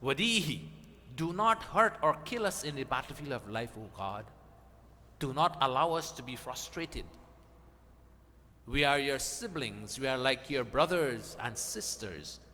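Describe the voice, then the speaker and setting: Man preaching with a bright voice in a reverberant hall. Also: medium pitch, expressive, unhurried. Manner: earnest, explanatory, with emphatic rising questions. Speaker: spiritual teacher. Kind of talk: sermon explaining Sanskrit verses. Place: gathering hall at a weekly satsang. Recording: reverberant hall with faint background noise.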